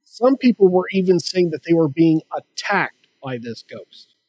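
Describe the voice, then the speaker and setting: Guy on a comedy podcast telling a spooky story real slow, stops and restarts a lot. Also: on the high side, sing-song, a little mellow, no echo, poor audio. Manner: slow, halting delivery with many restarts. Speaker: podcast host.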